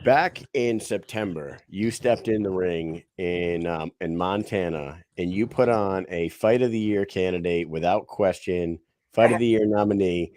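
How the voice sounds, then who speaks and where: Low-voiced casual male co-host. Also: a little mellow, no echo, clean studio sound. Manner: loose, swearing, drawn-out phrasing. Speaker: podcast co-host. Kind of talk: casual interview.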